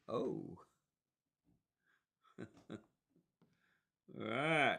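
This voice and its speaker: Slow, chuckling man host, bright tone. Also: mid-range voice, vocal fry. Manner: chuckling, relaxed, amused. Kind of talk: casual commentary on social media posts.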